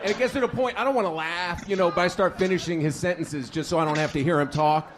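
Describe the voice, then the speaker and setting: A man's voice: sits high, fast, slight background noise. A man doing a stand-up comedy set, telling crude stories and acting out the people in them. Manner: storytelling, crude, acts out stutters. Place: comedy club stage.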